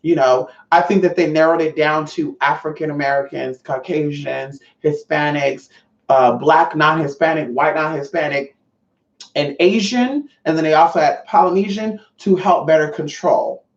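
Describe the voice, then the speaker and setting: A woman's voice: low voice, moderate pace. A woman hosting a casual livestream, reading chat aloud, swearing freely and calling her viewers honey. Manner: brassy, profane, calls viewers honey. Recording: roomy, distant, dull lo-fi mic.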